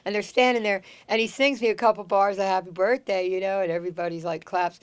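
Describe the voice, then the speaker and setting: A woman's voice: mid-range voice, quick pace, smooth. A woman hosting a podcast, telling stories in a casual chat, swearing freely and acting out quotes. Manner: animated storyteller, swears freely, acts out quotes. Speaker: podcast host.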